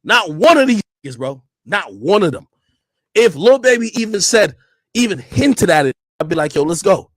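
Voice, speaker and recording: A man yelling a combative rant in a livestream clip, repeating himself and shouting over others. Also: high voice, big pitch swings, normal speed, no room sound. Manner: loud, combative, repetitive yelling. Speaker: streamer in a played clip.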